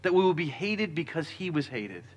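A man preaching a sermon as pastor, earnest, with quieter stretches when he reads scripture. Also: fairly high pitch, very animated, normal speed.

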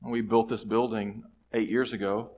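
A middle-aged male pastor telling a story in a church sermon, shifting between hushed asides and loud, emphatic lines. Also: on the low side, level tone, normal speed, a little hiss or hum. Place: church sanctuary.

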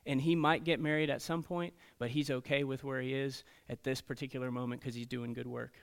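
A man preaching to teenagers as a youth pastor, telling stories in an animated way and checking in often with "okay?" and "right?". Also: medium pitch, fairly quick, vocal fry. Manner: storytelling, animated, frequent "okay?" and "right?" asides. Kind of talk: sermon to teenagers.

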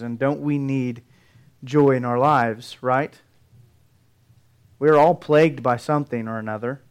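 A man's voice: on the high side, normal speed, a little mellow, clean tone. A middle-aged male pastor preaching a sermon, earnest and building emphasis through his points.

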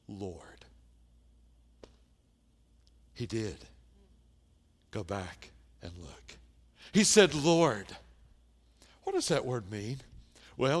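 A male pastor preaching a sermon, moving from hushed, low passages to loud, impassioned stretches full of rhetorical questions to the congregation. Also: big-room sound.

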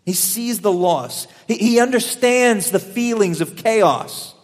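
A young man preaching a sermon, earnest, swelling louder on key lines and dropping softer while telling stories. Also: sits high, expressive, takes it slowly, few pauses. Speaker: pastor. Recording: long hall reverb.

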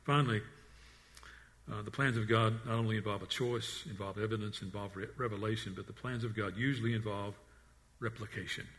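A man preaching a sermon in an earnest voice, often repeating and restarting words, and dropping to a hush on the quiet lines. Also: fairly low pitch, fairly even intonation, fairly quick. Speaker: pastor.

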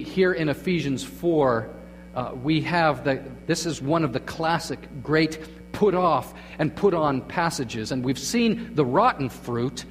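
A man preaching a sermon as pastor, moving between quiet, hushed phrases and emphatic, raised lines. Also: a little high. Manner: dramatic shifts between hushed and emphatic delivery. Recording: long hall reverb with faint mains hum.

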